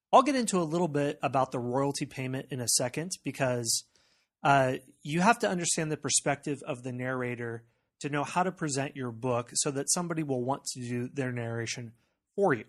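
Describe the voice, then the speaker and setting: A man with a General American accent explains steps in a casual screencast tutorial. He talks in a relaxed way, often saying "uh" and "okay" as he moves through each step. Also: mid-range voice. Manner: conversational and explanatory, with frequent "uh" and "okay". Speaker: tutorial presenter.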